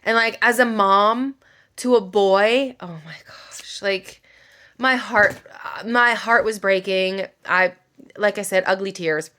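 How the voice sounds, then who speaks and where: A woman's voice: mid-range voice, fairly even intonation, slow pace, sharp tone. A woman, a mother, chatting casually about a book while doing her makeup, emotional and rambling, full of filler words. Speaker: book vlogger.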